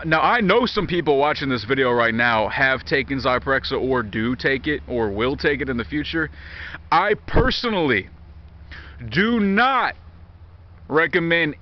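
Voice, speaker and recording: A man in his thirties talking straight to camera, blunt and heavily profane, rambling with frequent restarts. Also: a little high. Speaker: vlogger. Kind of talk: candid personal monologue. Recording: dull lo-fi recording.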